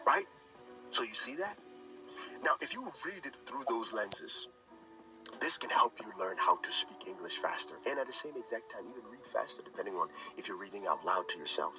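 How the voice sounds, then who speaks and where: A man teaching English phrasing in a lively instructional video, reading example sentences quickly and then slowly. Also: lowish voice. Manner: reads example sentences fast then slow, animated. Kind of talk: lively instructional read-along. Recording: played from a video, some distance from mic, light music.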